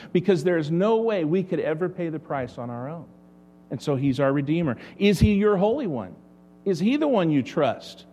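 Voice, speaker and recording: A man's voice: sits high, a little mellow. A man preaching a sermon as pastor, asking the congregation rhetorical questions.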